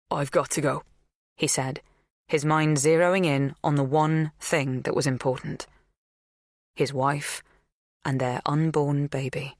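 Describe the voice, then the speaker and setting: A woman reading a thriller audiobook in measured, scripted first-person narration. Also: sits low, no echo, clean studio sound.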